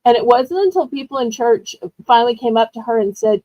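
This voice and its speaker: Woman, relaxed seller who chats as she goes, slightly high voice, dry close recording. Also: brisk, hardly any pauses, no room sound, lo-fi sound. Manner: chatty, rambling storyteller with frequent laughs. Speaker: live-stream auction host. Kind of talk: casual live-stream selling chat.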